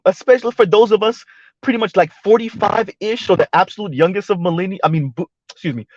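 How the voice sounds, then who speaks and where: High-voiced man giving blunt commentary. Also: no room sound, dull audio. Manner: blunt, rhetorical, keeps asking "right?". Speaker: live stream host. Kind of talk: casual commentary to a live chat.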